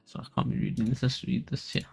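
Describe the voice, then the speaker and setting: A man's voice: fast talker, a little mellow, soft background music. A man giving casual live stream commentary on crypto charts as the analyst, rambling with lots of fillers and restarts.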